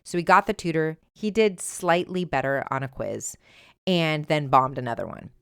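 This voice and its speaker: A middle-aged woman hosting a solo advice podcast, talking emphatically and conversationally, sometimes animated. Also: sits low, moderate pace, clean tone, no echo, studio quality. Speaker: podcast host. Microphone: earbuds with mic.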